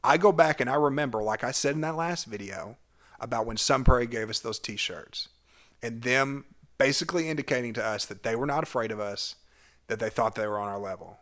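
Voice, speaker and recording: A young man telling a personal story about his school cheer days, vividly and animatedly, his loudness rising and falling with the tale. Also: medium pitch, brisk. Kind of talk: storytelling vlog.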